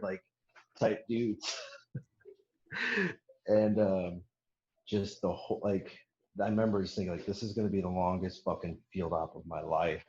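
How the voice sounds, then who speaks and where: In a fairly low voice, a little slow, a young man tells a long war story on a podcast, cursing frequently and laughing while animatedly quoting the people involved. The audio is dull and the room echoes.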